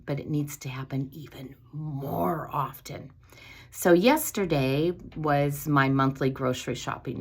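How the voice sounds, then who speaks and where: A woman from the East Coast hosting a casual devotional chat, rambling a little with restarts and light laughs. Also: low-pitched. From East Coast of the United States. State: feeling unwell lately. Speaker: host.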